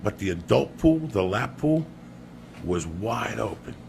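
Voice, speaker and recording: Gravelly low-voiced man telling stories. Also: unhurried, slight background noise. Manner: profane, animated storytelling. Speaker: podcast guest. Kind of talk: storytelling anecdote.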